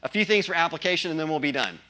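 Male pastor, sermon, emphatic, bright forceful voice, slightly high pitch. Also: expressive, very fast. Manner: emphatic, asks the congregation questions.

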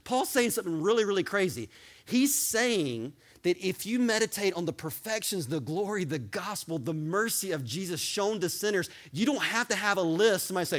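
A pastor preaching with animated, excited energy, his voice pitched a bit high. He works himself up until he is nearly yelling, then pulls back. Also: moderate pace. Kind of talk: sermon.

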